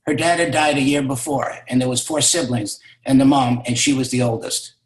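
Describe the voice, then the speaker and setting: A man's voice: medium pitch, fairly even intonation, fairly quick. Male business mentor, motivational storyteller, emphatic and repetitive, mid-range voice, echoey room. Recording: roomy echo.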